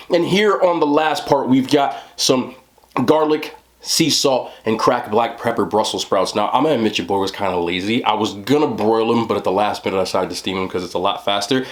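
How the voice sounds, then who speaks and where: A young man chatting casually to camera as a mukbang vlogger, laid-back and talking between bites with his mouth full. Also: fairly low pitch. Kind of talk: casual talk to camera while eating.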